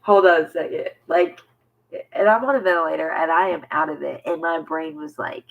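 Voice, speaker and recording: A vlogger tells a personal story to camera, halting and rambling with many fillers and restarts, often dropping to a near whisper. His voice is a little high and gravelly, with phone-quality sound.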